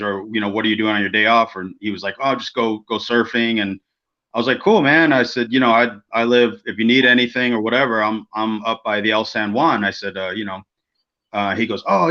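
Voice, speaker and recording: Man, podcast co-host, animated storyteller who swears freely, bright tone. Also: fairly low pitch. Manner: animated, acts out quoted people, swears freely. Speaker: podcast co-host, former wrestler. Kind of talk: casual storytelling. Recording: dull lo-fi podcast audio.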